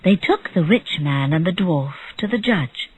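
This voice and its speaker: Slow, breathy storybook narrator. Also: medium pitch, lively intonation, a little mellow, no echo, poor audio. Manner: clear, measured storytelling. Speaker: audiobook narrator. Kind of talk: slow graded-reader narration.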